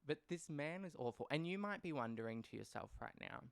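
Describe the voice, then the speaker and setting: A young man hosts a casual storytelling podcast, his voice on the high side, expressive, brisk and creaky, captured in a dry recording. He's blunt and profane, swearing freely, and his wry, rambling delivery keeps trailing off into asides.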